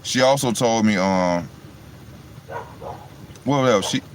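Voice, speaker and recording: A man's voice: fairly low pitch, slow pace, slight background noise. Rambling man talking into his phone. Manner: rambling, storytelling, keeps saying "you know what I'm saying". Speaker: vlogger. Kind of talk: casual monologue to viewers. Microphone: phone on charge.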